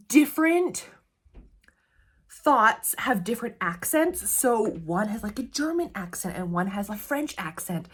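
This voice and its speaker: A woman's voice: medium pitch, breathy edge. Chatty woman reviewing books. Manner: chatty, laughs often while talking. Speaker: book reviewer. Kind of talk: casual book review chat.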